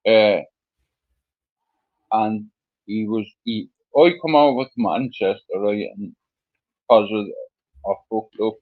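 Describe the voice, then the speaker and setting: A middle-aged Dublin man with a lowish voice speaks slowly and pauses often. As a guest, he rambles casually through his story, full of fillers and swearing, on a dull lo-fi recording.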